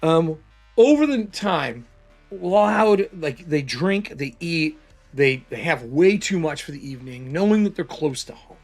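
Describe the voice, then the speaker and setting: A man's voice: on the high side, expressive, a little slow, soft background music. A man narrating a solo tabletop game casually, thinking aloud as he rolls dice.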